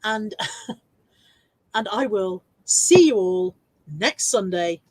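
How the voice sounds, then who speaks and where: A woman's voice: mid-range voice, expressive, very slow, darkish tone, no echo, poor audio. A woman chatting casually on her regular live stream, laughing often and joking at her own expense.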